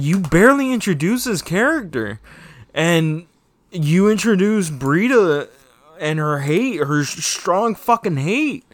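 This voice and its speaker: Slow-talking man reviewing a show, dry. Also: on the high side, a bit bright, no echo. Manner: rambling, swears often, heated. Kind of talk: casual spoken TV review.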